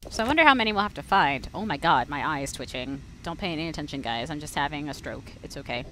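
Bright, playful woman game streamer. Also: deep voice, animated, fast, a little hiss or hum. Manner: playful, joking, talks to herself, swears. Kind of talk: casual gameplay commentary.

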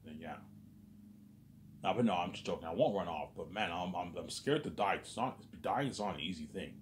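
This vlogger rambles through an agitated monologue, swearing often and repeating himself, peppering his talk with "obviously" and "man." His low voice has lively intonation and a slightly fast pace, with a little hiss or hum behind it.

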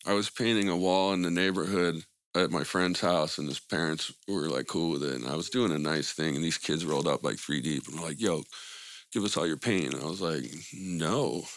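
A man's voice: extremely low pitch, steady tone, a little fast, few pauses, a bit bright. A man telling stories in a casual interview, laid-back and full of profanity, laughing between anecdotes. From Albuquerque, New Mexico. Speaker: guest, graffiti artist.

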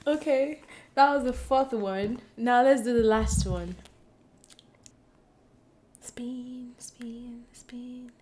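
A woman's voice: on the high side, slow, long pauses, darkish tone, slight background noise. Bubbly, giggly woman vlogger. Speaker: book vlogger. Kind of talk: excited casual vlog chat. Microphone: compact camera mic.

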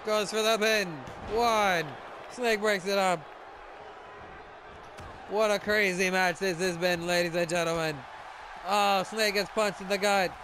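A man giving excited play-by-play commentary on a wrestling video game match, shouting at the big moves. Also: sits high, measured pace, pauses often, crowd noise, noisy background.

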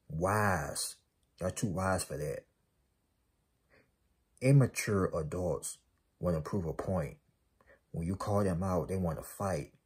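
A man's voice: sits low, darkish tone, husky. A man giving an emphatic spiritual motivational talk, repeating himself and calling out to his audience. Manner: emphatic, repetitive, calls out to the audience. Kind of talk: preachy motivational monologue.

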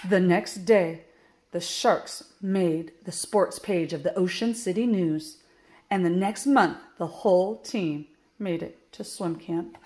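A woman teacher reading a children's picture book aloud at a slow, careful pace. She stops to explain each subtraction step clearly. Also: on the low side, dark tone. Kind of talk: children's book read-aloud with math lesson.

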